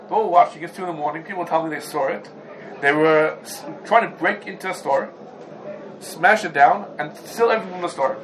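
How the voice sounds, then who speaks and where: Male Torah teacher, high pitch, animated lecture with rhetorical questions, faint room hiss. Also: low-quality recording. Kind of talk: Talmudic lecture.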